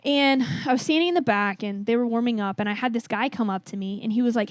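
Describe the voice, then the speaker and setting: A woman weightlifting coach, a podcast guest, telling stories in a casual, animated way and swearing now and then. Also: fairly high pitch, fast talker, few pauses, no echo. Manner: animated, acts out both sides of remembered conversations, swears casually. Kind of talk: casual interview storytelling.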